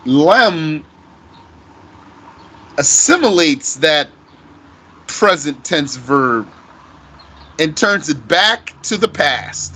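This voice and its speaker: A man teaching Arabic grammar, explaining deliberately and asking himself rhetorical questions. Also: on the high side, sharp tone. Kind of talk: recorded grammar lesson.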